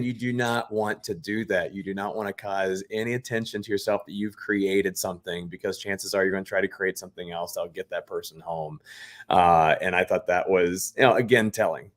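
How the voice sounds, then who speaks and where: Man co-host, lowish voice, opinionated and analytical, casual podcast chat. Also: fairly even intonation, a little fast. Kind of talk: casual chat recapping a reality show.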